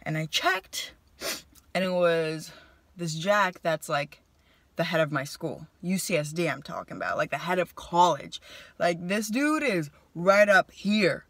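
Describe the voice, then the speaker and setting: A young woman vlogger telling a casual story to the camera, chatty and animated, acting out what people said. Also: lowish voice, a little slow, no echo. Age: young adult. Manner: animated, chatty, voices her own quotes. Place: car.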